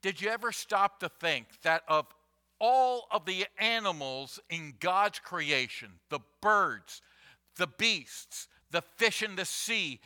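A man preaching a Sunday sermon as pastor, deliberate and emphatic, repeating key phrases for weight. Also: high voice, pushed and bright.

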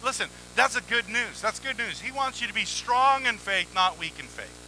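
A man preaching a sermon in a conversational, energetic way, acting out little exchanges with God, at a church microphone. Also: high voice, moderate pace, a little hiss or hum, rough recording. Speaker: pastor. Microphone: handheld or headset mic, volume cutting on and off.

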